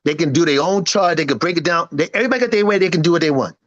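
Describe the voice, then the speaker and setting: Emphatic man in his fifties, higher voice. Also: rapid-fire, muffled recording. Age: 50s. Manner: emphatic, boastful, acts out quoted friends. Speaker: interview guest, singer and producer. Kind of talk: animated casual interview talk.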